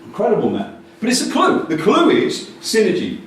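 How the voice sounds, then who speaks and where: Animated man speaking in an echoey hall. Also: high voice, moderate pace. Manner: animated, jokey and blunt, with sudden loud bursts. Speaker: conference speaker on communication. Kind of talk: lively conference talk. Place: large conference hall. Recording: distant echoey hall recording with faint noise.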